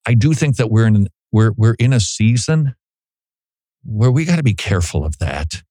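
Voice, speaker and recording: A middle-aged man, a pastor, giving a folksy, animated commentary with frequent restarts on a close studio mic. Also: on the low side, moderate pace, dry recording. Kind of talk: conversational commentary monologue.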